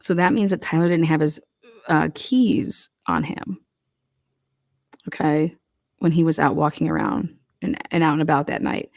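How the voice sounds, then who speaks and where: A woman's voice: low voice, moderate pace, vocal fry, a little mellow. Blunt, heated woman commenting on a case. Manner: blunt, heated, rhetorical questions. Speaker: true crime commentator. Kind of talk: casual, profane true crime commentary.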